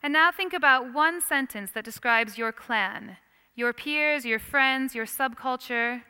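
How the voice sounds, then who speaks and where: A woman giving a lively Christian lecture on worldviews, questioning her audience as she teaches. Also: sits high, unhurried, clean tone. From United States. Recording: long hall reverb.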